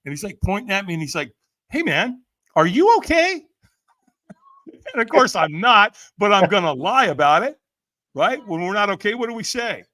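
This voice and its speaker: A man's voice: high voice, moderate pace, pauses often. A man telling a story animatedly in casual speech, acting out the voices of others and laughing often. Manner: lively, acts out quoted voices, laughs often. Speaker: podcast guest, firewalk trainer.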